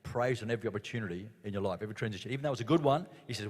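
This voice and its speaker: A man's voice: lowish voice, rapid-fire. An older man, telling earnest stories on a church panel. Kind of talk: panel discussion. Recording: echoey hall.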